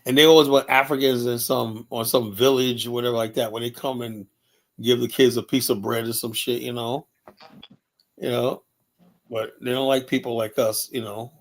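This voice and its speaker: A man with a New York accent hosting a casual opinion chat, rambling and animated, with "you know" after nearly every phrase. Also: medium pitch, moderate pace. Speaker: show host.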